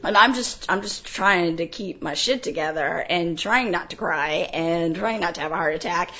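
A woman in casual conversation, telling an animated, profane story and laughing often. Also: lowish voice, moderate pace, muffled recording. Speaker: guest.

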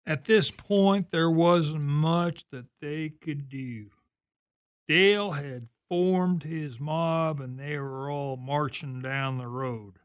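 A man narrating a drama in a slow storytelling style. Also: on the high side, smooth.

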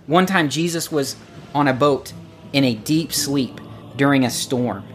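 A man's voice: mid-range voice, measured pace. Guy preaching a sermon, tells stories, voices the quotes as he goes. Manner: storytelling, acts out quotes with lively shifts. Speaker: pastor.

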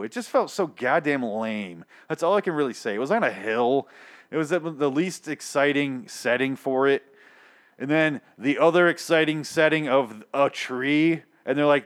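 A man's voice: medium pitch, normal speed. Male solo podcast host, sarcastic and foul-mouthed ranter. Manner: profane, sarcastic, animated rant. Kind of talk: ranting solo show review.

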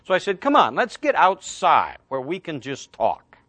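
Pastor, male, middle-aged, storytelling sermon with deliberate slow emphasis, fairly high voice, dry recording. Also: wildly swooping pitch, a bit bright, no echo. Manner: storytelling, slows right down on key phrases.

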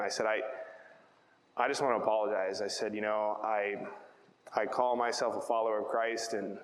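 A man's voice: lowish voice, reverberant, in a large hall, rough recording. A man preaching a sermon, telling a personal story in a chatty way and often asking "right?". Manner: conversational storytelling, repeats words, asks "right?". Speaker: pastor.

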